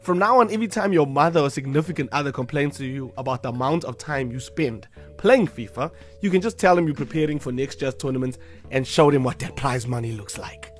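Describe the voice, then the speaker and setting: A man's voice: mid-range voice, fairly quick, soft background music. A man, co-hosting a radio news segment, reading items in a put-on newsreader delivery and teasing his co-host wryly. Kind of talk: casual radio banter.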